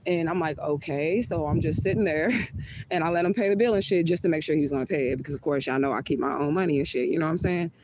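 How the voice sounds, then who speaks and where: Fast-talking candid woman telling a story. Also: sits low, darkish tone, a little hiss or hum, rough recording. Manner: candid, profane, chatty. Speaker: vlogger. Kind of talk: casual storytime vlog.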